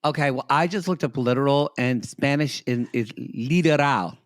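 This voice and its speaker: A man's voice: medium pitch, no room sound, clean studio sound. A man co-hosting a podcast, riffing wryly in casual chat about reality TV. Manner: wry, quick-witted riffing. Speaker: podcast co-host.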